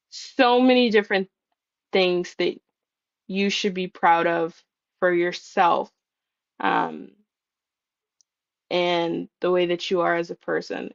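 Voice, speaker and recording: A woman co-hosting a casual chat, speaking earnestly with halting pauses. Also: lowish voice, gravelly, no room sound, lo-fi sound. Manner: earnest, halting, with many ums and restarts. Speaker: podcast co-host.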